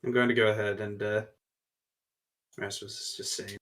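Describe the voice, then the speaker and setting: A man with a lowish voice narrates his character's moves at a tabletop game. He talks haltingly, stopping for fillers as he goes. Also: little pitch movement, a bit bright. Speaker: player. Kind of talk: tabletop role-play.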